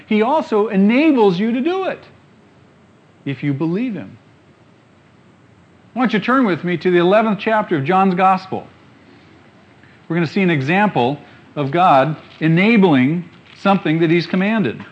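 A man preaching a sermon emphatically, dropping quiet and then rising loud. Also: high voice, lively intonation, moderate pace, highs cut off. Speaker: pastor.

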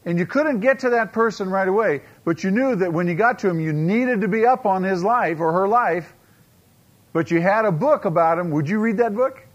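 Emphatic man preaching with dramatic pauses. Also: sits high, muffled recording. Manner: emphatic preacher, rhetorical questions, dramatic slow-downs and quiet asides. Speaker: pastor. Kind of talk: sermon.

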